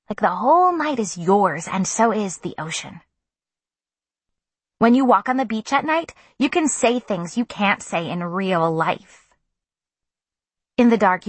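A woman reads a first-person novel aloud in a soft, gentle way. Her voice is breathy and her pace is slow and unhurried. The recording is close and dry. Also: mid-range voice, dry recording. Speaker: audiobook narrator. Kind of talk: first-person audiobook narration.

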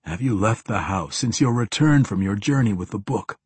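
A calm, grounded ranger speaks in a steady, measured and reassuring way, as a man reads him. The voice sits low and sounds husky. The recording is dry and close. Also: no echo.

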